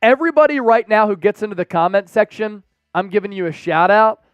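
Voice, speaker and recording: A young man hosting a live sports stream, calling the plays and reading out chat shout-outs with energetic, excitable bursts. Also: sits high, a little fast, smooth, dry recording, lo-fi sound.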